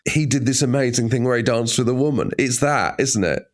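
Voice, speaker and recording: A man's voice: mid-range voice, a little fast. A man co-hosting a podcast, chatting in a wry, joking way and swearing freely. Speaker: podcast co-host. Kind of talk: casual comedic chat.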